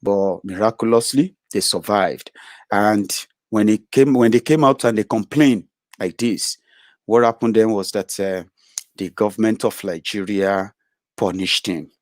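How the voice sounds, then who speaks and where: Low male host for a political webcast, hesitant with lots of fillers, dry close sound. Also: no room sound. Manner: halting, full of "uh" fillers and restarts. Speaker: host of a political web show. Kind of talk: live broadcast commentary.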